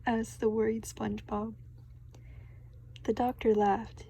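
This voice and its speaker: A woman's voice: medium pitch, level tone, normal speed, creaky, dark tone, breathy edge, rough recording. A woman reading a children's storybook aloud, giggling and stopping to react in surprise. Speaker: storybook reader.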